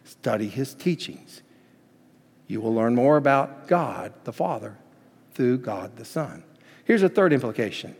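A man's voice: medium pitch, very animated, measured pace, husky, big-room sound. A man preaching a sermon as pastor, telling stories with emphasis and acting out the quotes he cites.

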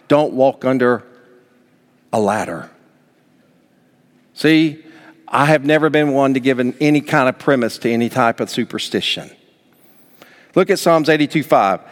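A man preaching a sermon as pastor, emphatic, with sudden rises in pitch and loudness. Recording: long hall reverb.

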